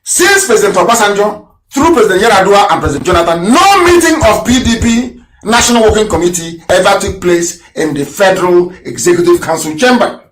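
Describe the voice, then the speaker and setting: A man delivering an impassioned political radio broadcast, firing rhetorical questions and swinging between shouts and low mutters. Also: animated, brisk. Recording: roomy echo.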